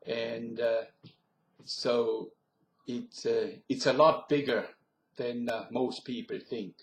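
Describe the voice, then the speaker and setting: A man's voice: mid-range voice, level tone, takes it slowly, lightly acted. A man voicing a talkative local with a Pennsylvania Dutch accent, explaining in a homespun way. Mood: chatty. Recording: roomy webcam recording.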